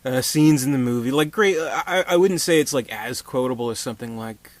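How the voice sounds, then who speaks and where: A man's voice: mid-range voice, a little fast, no room sound. A man giving a casual movie review, rambling with many fillers and restarts.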